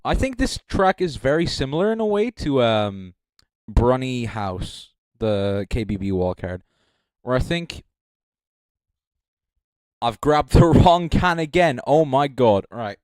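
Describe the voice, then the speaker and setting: A man's voice: medium pitch, lively intonation, slow pace, a little mellow, smooth, dry recording. Rambling joking man on a stream. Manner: rambling, joking, filler-heavy. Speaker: livestream judge. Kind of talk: casual live-stream commentary. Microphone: handheld mic.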